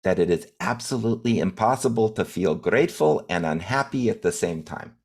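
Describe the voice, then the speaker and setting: A man's voice: on the low side, animated, a little fast, a little mellow, slightly rough. A man voicing his elderly great-grandfather, putting on a Russian accent to deliver an earnest saying. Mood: wistful. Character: elderly immigrant great-grandfather, wise and grateful.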